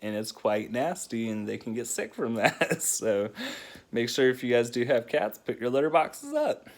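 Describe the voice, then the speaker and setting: A man's voice: mid-range voice, big pitch swings, moderate pace. A man, a single father, hosting a casual countdown vlog, laughing often as he tells loose, rambling stories.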